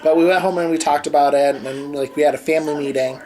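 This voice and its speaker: A man's voice: on the high side, fairly even intonation, fast talker, a little mellow, rough recording. Rambling young man telling a personal story. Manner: rambling, many fillers and "like"s. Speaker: vlogger. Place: home bedroom with a TV on.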